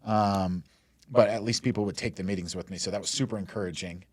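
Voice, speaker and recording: This is a Denver mortgage lender in his forties, guesting in an easygoing interview where he tells stories. His voice is fairly low and darkish, his tone steady, and he speaks fast on a dry recording. Expect rambling, frequent "like" and "you know," and easy laughter.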